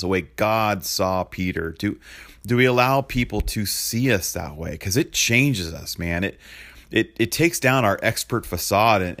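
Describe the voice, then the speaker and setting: A man's voice: fairly low pitch, a bit bright. A man in his thirties preaching a sermon in a loose, confessional way, full of "like" and "man", who speaks as a pastor. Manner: conversational and confessional, lots of fillers like "like" and "man".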